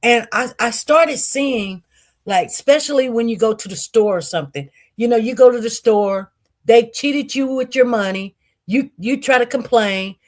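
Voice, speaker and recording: Woman, higher-pitched, candid animated storyteller, casual and conversational. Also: normal speed. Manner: candid and animated, with frequent restarts and acted-out quotes.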